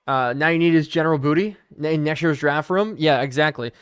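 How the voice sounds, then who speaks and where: Young guy streaming a football game, talking to chat nonstop, slightly high smooth voice. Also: quick pace. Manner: chatty, thinking aloud and answering chat. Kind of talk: live game-stream commentary.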